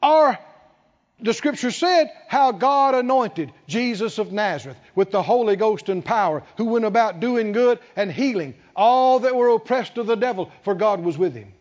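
A man's voice: high voice, animated, a little mellow. A man preaching a sermon, emphatic and rhetorical, stretching out key words. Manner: emphatic, rhetorical questions, drawn-out stresses. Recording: dull sound with long hall reverb.

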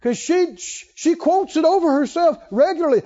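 A man preaching a sermon, telling a personal story that swings between hushed asides and emphatic points. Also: very high voice, expressive, moderate pace, hardly any pauses. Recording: dull lo-fi sound.

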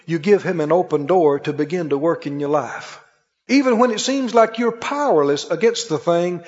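A high-pitched man preaches to his congregation, playing out both voices of a story and climbing to forceful peaks. His voice rings in a large church hall with a long reverb tail. The recording sounds slightly muffled and dull. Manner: storytelling preacher who acts out both sides of a dialogue, rising to emphatic peaks. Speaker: pastor. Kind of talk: sermon. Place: church sanctuary. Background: congregation calling out amens.

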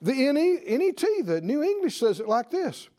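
Male preacher, high voice, very lively pitch, emphatic sermon delivery, drawn-out stresses. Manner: animated, emphatic, rising to exclamations.

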